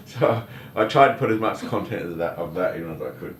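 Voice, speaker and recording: A man's voice: low voice, lively intonation, fairly quick. A man co-hosting a casual livestream, greeting viewers by name and teasing his co-host. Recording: echoey room, mic far off, faint noise.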